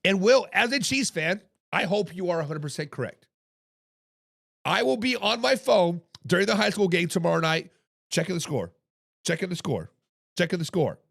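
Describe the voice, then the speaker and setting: A man hosts a casual sports talk live stream, chatting with viewers in the chat. His voice sits high and is heavily gravelly and hoarse. The recording is dry and close. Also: animated, normal speed, a bit bright, no echo. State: hoarse from coaching. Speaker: podcast host.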